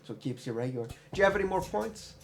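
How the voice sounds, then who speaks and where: A man co-hosting a podcast who riffs with crude, offhand jokes. His voice sits a little higher than most men's, with a faint hiss under the recording. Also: lively intonation, racing, vocal fry. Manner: crude, joking, riffing. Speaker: podcast co-host. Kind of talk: casual chat.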